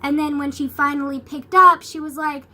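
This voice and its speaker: A woman's voice: sits high, fairly even intonation, moderate pace, sharp tone, slight background noise. A young woman vlogging in a rambling, casual way, full of "like" and swearing. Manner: rambling, filler-heavy, swears a lot. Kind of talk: casual chat.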